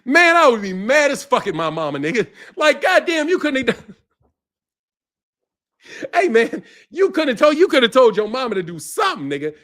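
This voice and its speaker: High, lively mocking man ranting. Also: moderate pace. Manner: profane, mocking, laughs often. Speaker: boxing channel host. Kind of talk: ranting commentary.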